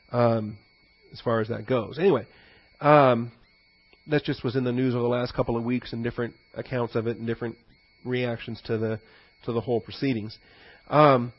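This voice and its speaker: A man's voice: mid-range voice, no room sound, dull audio. A man, a pastor, giving a conversational teaching sermon with frequent fillers and asides.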